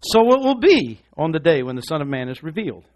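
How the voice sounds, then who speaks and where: A man preaching a sermon, swinging from hushed, repeated words to loud, impassioned exhortation. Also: fairly high pitch, sing-song, quick pace. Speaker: pastor.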